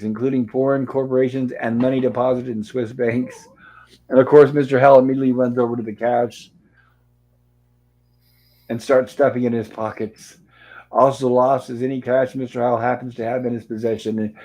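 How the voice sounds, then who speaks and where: A man's voice: medium pitch, mellow, rough recording. A man in the middle of his range recaps old sitcom episodes in a loose, chatty way. He reads the characters' lines aloud as he goes and drops dry little asides between them. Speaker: show host reviewing old TV episodes. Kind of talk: casual recap and commentary.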